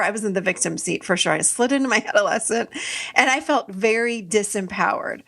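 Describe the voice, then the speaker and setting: A middle-aged woman podcast host tells a personal story in a loose, chatty way. Her voice sits a little high, and she often breaks into laughter. She acts out what she said back then. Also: normal speed. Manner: animated, laughs often, acts out her own past lines. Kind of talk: casual conversational storytelling.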